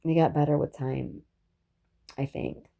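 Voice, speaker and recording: Gravelly low-voiced woman telling her story. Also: measured pace, mellow. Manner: rambling and reflective, with profane asides and frequent restarts. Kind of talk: casual personal storytelling monologue.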